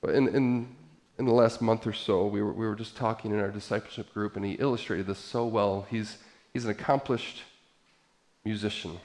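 A middle-aged man preaching a sermon as pastor, swinging from quiet asides to loud, emphatic passages. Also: fairly low pitch, fairly even intonation, moderate pace.

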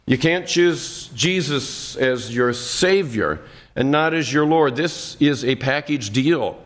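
A man preaching a sermon, earnest and repetitive, sometimes voicing a listener's objections in the first person. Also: mid-range voice. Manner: slow, deliberate delivery with repeated phrases.

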